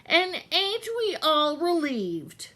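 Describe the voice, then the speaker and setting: A woman voicing a bossy, loud female castle cook in a read-aloud storybook, barking orders in a shrill, impatient voice. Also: wildly swooping pitch, slow, full character voice.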